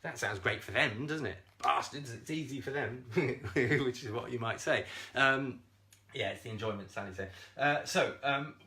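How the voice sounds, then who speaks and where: A man coaching viewers on a live stream, animated and talking straight to them, swearing freely and laughing often. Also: mid-range voice, moderate pace. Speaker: self-esteem coach.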